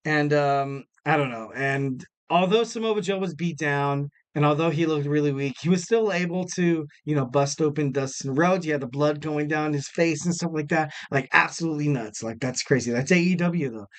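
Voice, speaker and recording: Guy hosting a podcast solo, kinda high voice, rambles a lot, um uh you know everywhere. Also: moderate pace, few pauses. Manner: rambling, many fillers, self-mocking jokes. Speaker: podcast host. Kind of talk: casual solo podcast talk.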